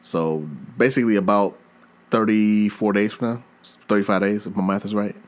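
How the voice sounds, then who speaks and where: A man's voice: lowish voice, moderate pace. A man hosting a podcast, chatting casually and acting out his own reactions as he tells gaming stories. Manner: animated storyteller, acts out his own reactions. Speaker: podcast host.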